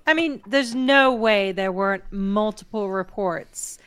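A woman co-hosting a casual talk show, speaking slowly and chiming in with short agreements. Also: mid-range voice, clear, resonant tone. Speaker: podcast co-host. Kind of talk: casual chat.

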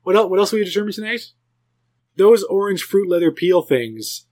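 Guy rambling on his podcast, kinda high voice, lots of restarts. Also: normal speed. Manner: rambling storyteller, animated, many restarts. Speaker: podcast host. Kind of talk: casual chat.

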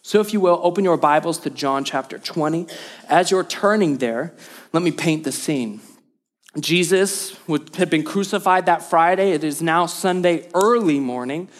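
Male pastor, bright high voice, emphatic energetic sermon in a church hall. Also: normal speed. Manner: energetic, emphatic repetition, call and response. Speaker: lead pastor.

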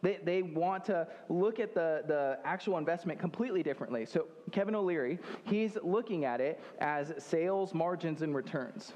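A man's voice: on the high side, lively intonation, moderate pace, few pauses, darkish tone. A young man preaching a sermon in a church, in a loose and joking way, with many fillers and restarts. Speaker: pastor.

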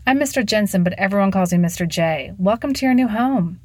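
A woman's voice: mid-range voice, animated, fairly quick, a little mellow, no echo, natural voice. A woman doing a gushing charming male teacher. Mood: effusive. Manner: effusive, welcoming.

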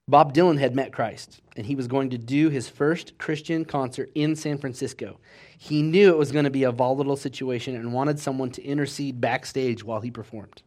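A man preaching a sermon, telling a story with lively acted-out quotes and swinging between loud bursts and hushed passages. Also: mid-range voice, a little fast.

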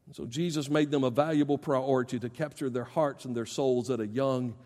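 A middle-aged male pastor preaching a sermon. He speaks straight to parents, swinging from loud emphasis to soft, low asides. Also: fairly even intonation, a little fast. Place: church sanctuary. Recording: long reverb of a large church hall.

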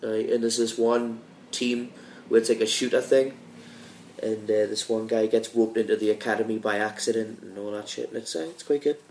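A man's voice: on the low side, steady tone, moderate pace, a little mellow, reverberant, a little hiss or hum, rough recording. An English man hosting casual chat during an online game, rambling and swearing freely. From England. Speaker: podcast host. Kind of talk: casual chat while gaming.

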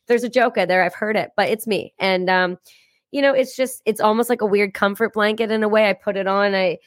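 A woman in her thirties, a podcast guest, talking in a blunt, profane and energetic way in a casual interview. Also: medium pitch, brisk, dry recording, clean studio sound.

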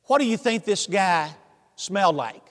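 A man's voice: high voice, animated, a little slow. A man preaching a sermon, telling the story animatedly with humor and asking the congregation questions. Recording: long hall reverb.

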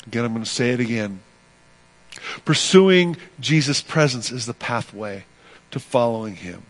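A man's voice: mid-range voice, animated, normal speed. Male pastor, mid-range voice, emphatic preaching, rises and drops in volume. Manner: emphatic, rising and falling delivery with repeated phrases. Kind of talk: sermon.

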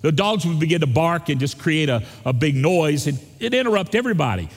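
A man preaching a Christmas sermon, telling stories slowly with repeated phrases. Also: a little high, expressive, long reverb tail. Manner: slow storytelling with repeated phrases. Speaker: pastor.

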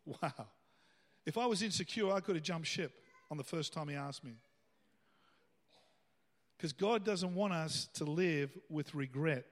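A man's voice: on the high side, in a large hall. A man preaching a sermon as pastor in a church, talking conversationally and rising into emphatic bursts. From Australia.

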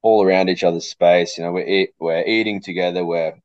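A man, a coach speaking as a podcast guest, thoughtful and pausing to repeat words, with a cough. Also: low voice, fairly even intonation, a little mellow, no room sound, muffled recording. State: coughing fit. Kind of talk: casual interview chat.

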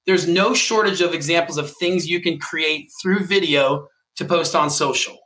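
A man co-hosts a podcast and coaches his listeners with emphatic, punchy conviction. His voice sits a little high and rings very bright. His delivery is forceful and motivational. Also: moderate pace. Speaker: podcast co-host and mortgage coach.

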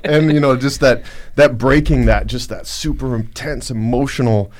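A man on a podcast, recounting a personal story in a halting, reflective way with many fillers. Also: mid-range voice. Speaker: podcast guest. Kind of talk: casual storytelling.

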